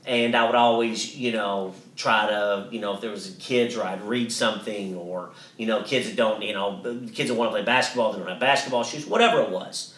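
A man's voice: on the low side, brisk, a bit bright, roomy sound, far from the mic. A man co-hosting a podcast, telling a story in a casual, rambling way with many restarts and some swearing. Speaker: podcast co-host.

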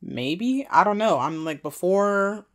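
A woman's voice: mid-range voice, animated, slow. Laid-back slangy woman recapping a show. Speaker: podcast co-host. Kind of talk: casual recap chat.

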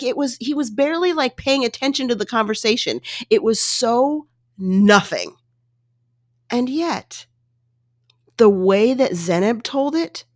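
Animated woman retelling a story. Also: a little high, no echo, studio quality. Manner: animated, exasperated retelling with quoted voices. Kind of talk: casual storytelling monologue.

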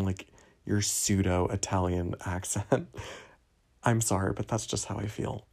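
A man's voice: lowish voice, moderate pace, vocal fry, warm tone. A young man from New Jersey hosting a podcast, talking in a rambling, digressive, self-deprecating solo monologue. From New Jersey, USA. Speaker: podcast host.

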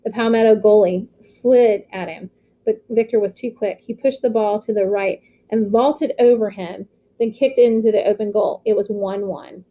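A woman reading a novel aloud with steady storytelling. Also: mid-range voice, normal speed, muffled recording. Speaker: audiobook reader.

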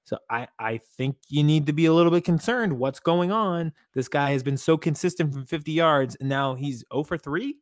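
Animated man in dry sports-podcast chat. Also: on the high side, normal speed, hardly any pauses, dry recording. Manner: animated, emphatic, catchphrase-prone. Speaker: podcast co-host.

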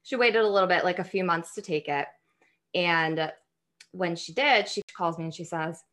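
A woman's voice: on the low side, normal speed, fairly bright tone. A young woman telling a family story in casual chat, rambling with restarts and frequent laughs. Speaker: podcast guest.

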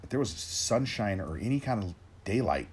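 A man in his forties ranting in a rambling, gruff way, swearing constantly and restarting his sentences as he talks to his listeners. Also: lowish voice, big pitch swings, moderate pace. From Tennessee, raised in Oregon. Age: 40s. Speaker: rant host. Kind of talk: profane solo rant.

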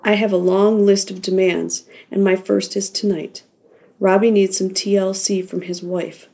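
A woman's voice: medium pitch, flat delivery, measured pace, creaky, a little mellow. A woman voicing a sleazy, threatening male sports manager in an audiobook. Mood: menacing. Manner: smug, threatening, coaxing.

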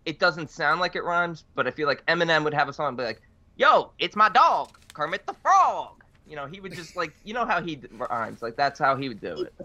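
A man's voice: fairly high pitch, animated, quick pace, few pauses, pushed and bright, no echo, dull audio. A man co-hosting a casual podcast, joking and playful with the others. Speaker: podcast co-host.

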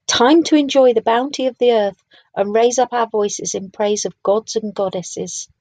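A woman voicing a large, bearded male druid priest who greets newcomers warmly, in a storybook reading. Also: on the high side, normal speed, dry recording. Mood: rousing.

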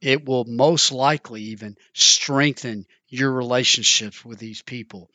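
A man's voice: medium pitch, a little slow, sharp tone, no echo. A man preaching a sermon in an earnest, storytelling manner, sometimes repeating words.

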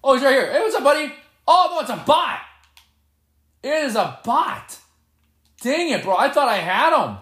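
A man giving live gameplay commentary, excitable and playfully boastful as he trash-talks. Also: very high-pitched, normal speed, long pauses, echoey room. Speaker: gamer.

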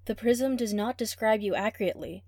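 A woman's voice: on the high side, brisk, a little mellow, no room sound, clean studio sound. A woman reading a story aloud, voicing an ancient rainbow phoenix god who speaks in a solemn, grand and cryptic way.

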